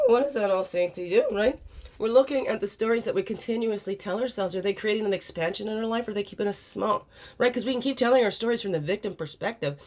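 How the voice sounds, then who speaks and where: A woman's voice: medium pitch, animated, brisk. A woman hosting a daily spiritual card reading, reflective and encouraging, asking her listeners many questions. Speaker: spiritual guidance host.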